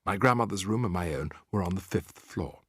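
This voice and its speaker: A man reading a children's story aloud as a lively, expressive audiobook narrator. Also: deep voice, brisk, husky, no echo, clean studio sound. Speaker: audiobook reader.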